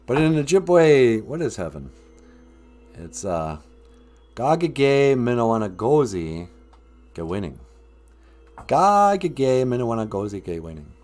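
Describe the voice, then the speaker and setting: A man hosts a loose, joking livestream and talks to his chat. His pitch swings widely while he takes his time. Faint music plays under him. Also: darkish tone. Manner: joking, rambling, talks to chat and laughs at own jokes. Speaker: livestream host. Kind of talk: rambling comedic livestream chat.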